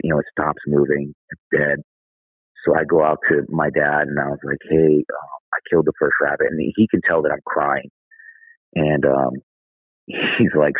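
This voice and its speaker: Deep-voiced, husky man, a candid podcast guest telling a story, thin phone-line sound. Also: level tone, normal speed, long pauses, no room sound. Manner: candid, conversational, says "dude". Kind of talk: casual storytelling.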